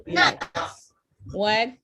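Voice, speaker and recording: A woman's voice: a little high, animated, extremely slow, vocal fry, noisy background. A woman presenting an interactive online class over a video call. She is encouraging and keeps quizzing her listeners, asking "okay?" and "right?". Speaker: virtual tour presenter.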